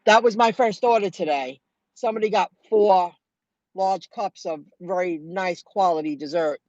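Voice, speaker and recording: A middle-aged woman telling viewers about her delivery rounds in a chatty, animated way, acting out what people said. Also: lowish voice, normal speed, no echo, lo-fi sound. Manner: chatty, animated retelling with quoted dialogue. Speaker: food delivery driver vlogger. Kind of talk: casual storytelling to viewers.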